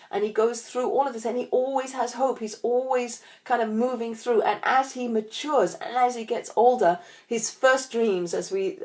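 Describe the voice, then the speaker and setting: A woman giving a spoken Torah class, animated and conversational, often restarting her sentences. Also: on the high side. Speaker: Torah teacher.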